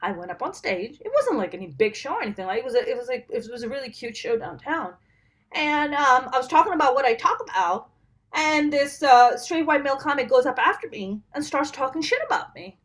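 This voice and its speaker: A woman in her late thirties, from Pakistan, talks comedy and tells stories in an animated way. Her voice sits high and her pitch moves a lot, and she slips into the voices of the people in her stories. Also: brisk. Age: 30s. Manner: animated storytelling, acts out quoted exchanges. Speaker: comedian and show producer. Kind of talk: casual interview chat.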